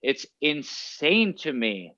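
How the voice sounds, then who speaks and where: A man co-hosting a casual podcast chat, ranting loudly and swearing often. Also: a little high, big pitch swings, slow pace, highs cut off. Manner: profane, ranting. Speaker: podcast co-host.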